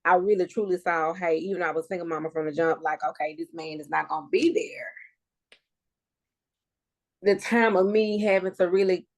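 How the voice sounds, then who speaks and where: A woman with a low, gravelly voice speaks in an emotional, personal conversation. She is in her thirties and sounds close to tears as she opens up. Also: normal speed. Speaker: podcast guest.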